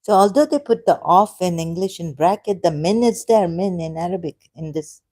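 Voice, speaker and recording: A woman on a live stream, thinking aloud in a halting, hesitant way and correcting herself as she goes. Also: fairly low pitch, expressive, a little mellow, no room sound.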